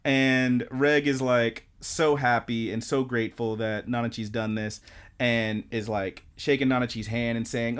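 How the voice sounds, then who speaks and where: A man's voice: medium pitch, measured pace, clear, resonant tone. A man co-hosting a podcast, casually recapping anime episodes and acting out the characters' lines in a rambling way. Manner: rambling, animated retelling with quoted lines. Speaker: podcast co-host.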